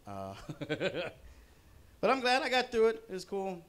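A man's voice: sits high, huge pitch swings, slow pace, a bit bright. Male stand-up comic with a chatty, filler-heavy delivery, on a stage mic. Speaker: stand-up comedian. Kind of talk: stand-up comedy set. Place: comedy showcase at a bowling alley.

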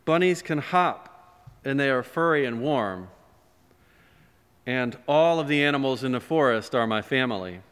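A man voicing a lonely, gentle young male bunny, earnest and pleading, in a long church reverb. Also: mid-range voice, lively intonation, unhurried, pauses often, smooth. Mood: tender.

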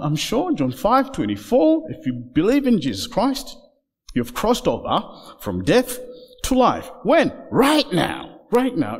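A man delivers a sermon in a church sanctuary, his fairly high voice climbing to loud, emphatic peaks and then sinking to near-hushed lows. His delivery is very animated in pitch, and a long reverb trails every phrase. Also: breathy edge. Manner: passionate, rising to loud emphatic peaks then dropping very low and soft. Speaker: guest preacher.

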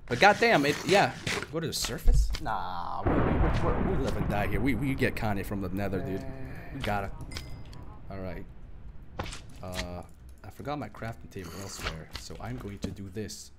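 Excitable young man streaming a game. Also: lowish voice, moderate pace, very noisy. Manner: excitable, swears, repeats himself when panicked. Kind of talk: live gameplay commentary.

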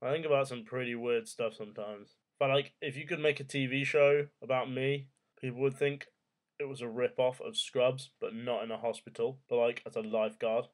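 A young man in his twenties talks to camera at home, drifting from one odd thought to the next. His delivery is jokey and offhand, full of rhetorical questions and casual swearing, at an everyday middle pitch. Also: steady tone, normal speed. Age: 20s. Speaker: vlogger. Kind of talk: casual rambling monologue.

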